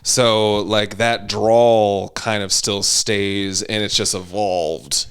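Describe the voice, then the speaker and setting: A man's voice: lowish voice, takes it slowly, smooth. A man telling stories in casual conversation as a podcast guest, laughing often and acting out quotes. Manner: lively storyteller, laughs often, acts out quotes. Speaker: stand-up comic and podcast guest.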